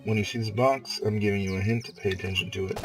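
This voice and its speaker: Man, low voice, sick, casual game commentary, rambling, swearing, filler words. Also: fairly even intonation, fast, rough recording. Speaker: let's player.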